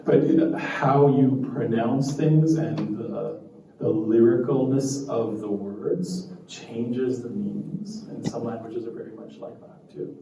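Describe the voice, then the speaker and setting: A man giving an animated live talk to a group, laughing often and acting out quotes. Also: medium pitch, slow pace. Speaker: meetup speaker. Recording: echoey room from far off, faint noise.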